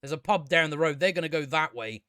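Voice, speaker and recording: High-voiced sweary man ranting. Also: quick pace, bright, forceful tone, clear, resonant tone, no echo, studio quality. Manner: exasperated, sweary, rambling with many restarts. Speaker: show reviewer. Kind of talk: casual rambling review.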